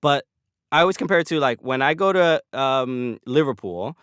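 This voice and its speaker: An American man talks loosely on a podcast, circling back and restarting his sentences as he goes. His voice is smooth and clear at an ordinary middle pitch, recorded close and dry with no room sound. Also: expressive, moderate pace, a bit bright, dry recording. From United States. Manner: rambling, many restarts and fillers. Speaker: podcast guest, comedian. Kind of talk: casual podcast chat.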